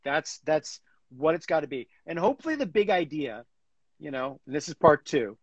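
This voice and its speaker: A man chatting as a guest in an interview, animated and full of fillers and restarts. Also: a little high, moderate pace, slightly rough, no room sound, highs cut off. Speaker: guest, comic book writer. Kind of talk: casual interview chat.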